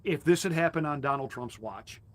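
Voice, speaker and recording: A man's voice: fairly high pitch, lively intonation, fairly quick. Combative, mocking male pastor. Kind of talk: political commentary monologue.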